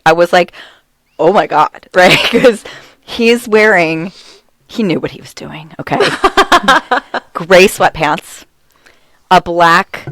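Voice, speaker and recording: A middle-aged woman tells a story in an easy, chatty way, breaking into giggles often. Her voice sits a little low for a woman. The sound is dry and close, with no room around it. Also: fairly bright tone, no room sound. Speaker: podcast co-host. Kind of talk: casual chat.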